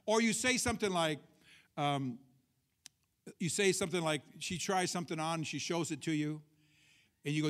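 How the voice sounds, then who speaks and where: A man preaching a Sunday sermon in a relaxed, conversational way, with a voice that sits noticeably high for a man. He keeps checking in with the congregation with quick questions and drops light joking asides between his points. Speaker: pastor. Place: church service.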